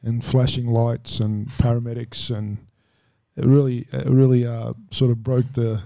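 A pastor chatting casually on a church podcast, dry and matter-of-fact. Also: male voice, medium pitch, little pitch movement, measured pace, gravelly, dark tone, no room sound.

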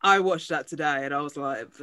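A woman co-hosting a podcast, chatting casually, animated and laughing often. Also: sits low, dry recording, studio quality. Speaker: podcast co-host. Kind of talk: casual chat.

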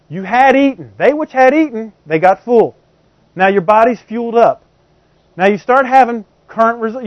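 A man's voice: sits high, dry recording. A man preaching a teaching sermon in a conversational way, explaining with everyday examples and often checking that his congregation is following. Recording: slightly dull, muffled recording.

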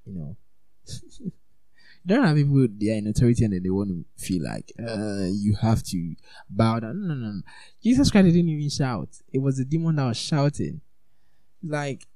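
A man giving a conversational sermon, informal and animated, peppering his talk with "like" and "you know". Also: fairly low pitch, no echo. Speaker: preacher.

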